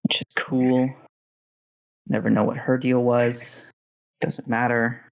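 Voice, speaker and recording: Calm man running a tabletop game. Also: medium pitch, takes it slowly, gravelly, rough recording. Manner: calm, matter-of-fact narration with frequent fillers. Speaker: game master.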